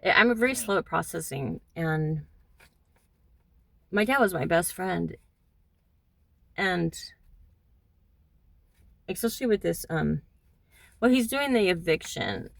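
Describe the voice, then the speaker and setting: A middle-aged woman talking through a personal monologue, halting and reflective with many pauses and fillers, recorded in a car. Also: lowish voice, lively intonation, creaky, fairly bright tone, no room sound. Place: in a hot car.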